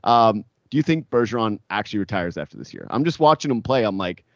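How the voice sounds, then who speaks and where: Rambling man with a dry, mid-pitched voice. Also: fast talker, no echo. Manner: rambling, animated, frequent filler words. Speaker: sports podcast co-host. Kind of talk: casual sports chat.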